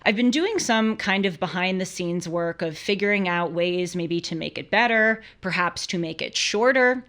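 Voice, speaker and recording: A woman's voice: on the low side, normal speed. Chatty young woman hosting a live show. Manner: chatty, animated, laughs easily. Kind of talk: casual live-stream talk.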